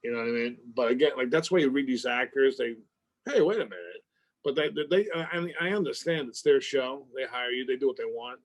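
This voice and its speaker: A middle-aged man, an actor being interviewed, who tells an animated story and acts out phone calls with swearing and loud outbursts. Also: mid-range voice, fairly quick.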